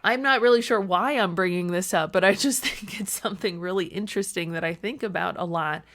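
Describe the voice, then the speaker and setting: A woman's voice: mid-range voice, a little fast, a bit bright. A young woman talking through a personal diary vlog in a reflective, chatty way. She laughs often, swears casually and fills her talk with "like" and "you know". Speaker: vlogger.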